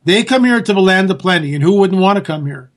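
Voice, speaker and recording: A man with a notably high voice delivering a sarcastic, emphatic political monologue. He talks straight to his listeners as folks, leaning on repetition and scorn. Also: lively intonation, fast talker. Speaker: radio commentary host.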